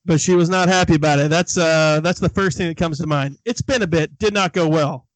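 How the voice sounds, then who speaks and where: A man co-hosting a casual chat, wry and quick to laugh. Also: fairly high pitch, dry recording, low-quality recording. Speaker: co-host.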